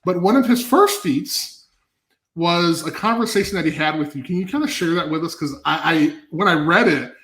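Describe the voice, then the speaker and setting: A man hosts a casual podcast interview, throwing out questions and filling in with short affirmations. His voice sits a little high and carries a noticeable room echo. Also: animated, moderate pace, a bit bright. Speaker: podcast host. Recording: echoey room.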